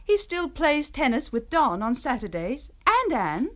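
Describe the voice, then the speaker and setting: An actress playing a kind, chatty young Australian wife in a scripted radio drama for English learners, speaking slowly and clearly. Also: female voice, sits high, big pitch swings.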